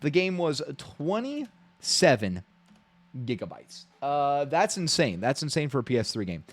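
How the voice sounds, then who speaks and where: A man's voice: on the high side, very animated, measured pace. A man live-streaming his reactions to a game showcase, ranting bluntly and profanely with frequent restarts.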